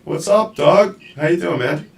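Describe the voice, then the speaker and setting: A man hosting a live video-call show, talking in a casual, halting way with lots of fillers and restarts. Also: fairly high pitch, vocal fry. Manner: rambling, halting, with many fillers. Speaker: show host. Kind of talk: casual live-stream chat.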